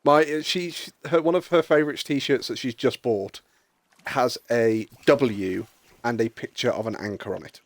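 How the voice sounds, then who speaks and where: A man's voice: medium pitch, normal speed, dry recording. Male streamer host, loose storyteller who swears a lot and laughs at his own tales, dead dry mic. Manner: rambling, swears freely, laughs at own stories. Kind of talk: casual chat.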